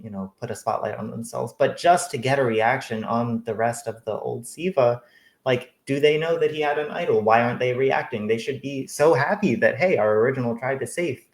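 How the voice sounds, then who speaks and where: Male podcast guest, mid-pitched, wry and questioning, recorded in a roomy, echoey space. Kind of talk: casual chat.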